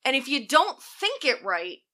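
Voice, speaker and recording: A woman's voice: sits high, big pitch swings, measured pace, sharp tone. A woman hosting a podcast, telling a story in casual chat, blunt and sarcastic with plenty of swearing.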